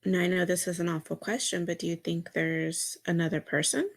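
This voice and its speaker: A woman playing a tabletop game, calmly questioning a character. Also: lowish voice, fairly quick. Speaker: player. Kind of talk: tabletop role-play.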